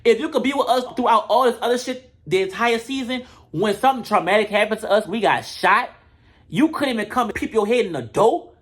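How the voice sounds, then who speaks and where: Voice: mid-range voice, lively intonation, brisk, fairly bright tone. Brash, profane reality-TV recapper. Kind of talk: casual comedic recap.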